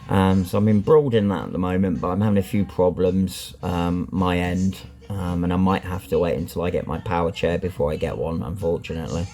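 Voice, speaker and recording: A man's voice: sits low, fairly even intonation, brisk, hardly any pauses, mellow, soft background music. A man vlogging candidly about his life, talking bluntly and rambling with lots of ums and you-knows. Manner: blunt and frank, swears. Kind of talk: candid personal vlog.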